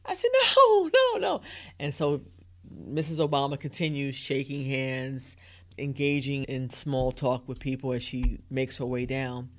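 Woman in her 30s telling a story, super animated, acts out the quotes. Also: a bass voice, a little slow. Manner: lively, acts out inner thoughts and quotes. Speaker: interview guest, educator.

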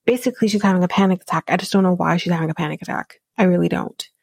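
Opinionated woman recapping with gravelly tone. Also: fairly low pitch, racing, darkish tone, dry recording. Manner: chatty, opinionated, frequent ums and asides. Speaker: podcast host recapping a reality show. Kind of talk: casual recap commentary.

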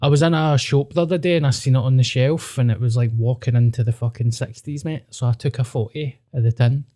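A man's voice: medium pitch, steady tone, quick pace, mellow. A man with a Scottish accent co-hosting a podcast, trading sweary, laughing banter in casual chat. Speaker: podcast co-host.

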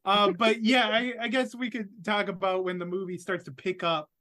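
A man's voice: sits high, little pitch movement, normal speed, sharp tone. A man co-hosting a podcast, chatting casually about a movie, rambling with lots of fillers and swearing. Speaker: podcast co-host.

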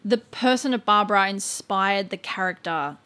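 A woman's voice: medium pitch, normal speed, pushed and bright. Chatty woman telling a story. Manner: chatty, filler-heavy with frequent "like" and "um"; stumbles over names and asides. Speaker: podcast co-host telling the story. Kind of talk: casual storytelling chat.

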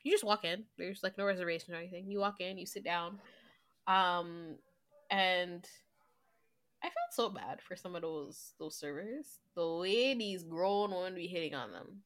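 A woman's voice: on the low side, moderate pace, a bit bright. A woman co-hosting a podcast, telling stories in casual chat and mimicking the people she quotes. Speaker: podcast co-host.

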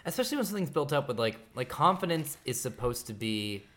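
A man in casual podcast conversation, relaxed and joking between thoughtful points. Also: medium pitch, fast talker. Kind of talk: casual chat.

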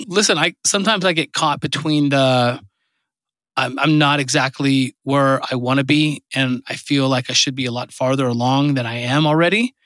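A man's voice: mid-range voice, normal speed, a bit bright, no echo. A man hosting a podcast, talking earnestly and encouragingly in casual chat, with many fillers. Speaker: podcast host.

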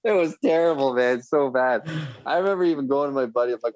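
A man's voice: medium pitch, fast talker, darkish tone, dry recording, rough recording. Profane rambling storyteller man, dry sound. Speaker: guest. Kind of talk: casual storytelling chat.

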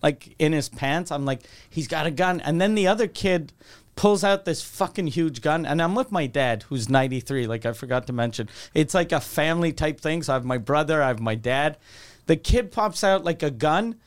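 Male comedy podcast host, slightly raised pitch, loose and profane, voices the people in his stories. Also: animated, normal speed. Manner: rambling, profane, acts out quotes. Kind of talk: casual chat, storytelling.

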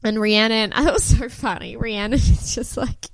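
A woman's voice: fairly high pitch, normal speed, dry recording. A young woman co-hosting a podcast, chatting casually and sarcastically, acting out quotes from a reality show. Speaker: podcast co-host.

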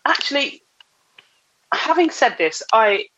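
A woman, a guest actress on a casual podcast, telling stories with lively laughter. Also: high voice, takes it slowly, lo-fi sound, slight background noise. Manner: animated storyteller, laughs often.

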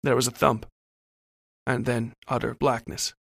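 Guy reading a creepy story, gravelly low flat voice, dry close sound. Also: unhurried, no echo. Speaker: narrator. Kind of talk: scripted horror story narration.

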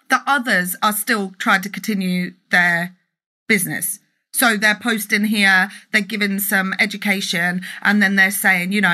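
A woman's voice: mid-range voice, pushed and bright. A woman, an entrepreneur and mentor, giving a passionate live-stream rant to an online group, emphatic and swearing freely, recorded on a phone or webcam. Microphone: phone or webcam for a live video.

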